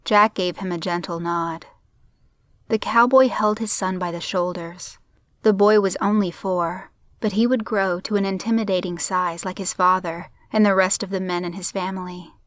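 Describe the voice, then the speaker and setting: A woman narrating a crime story in a steady, measured audiobook reading. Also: mid-range voice, no room sound.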